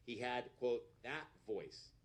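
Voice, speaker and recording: A man's voice: mid-range voice, animated, slow pace. A man hosting a radio call-in show, upbeat and bantering.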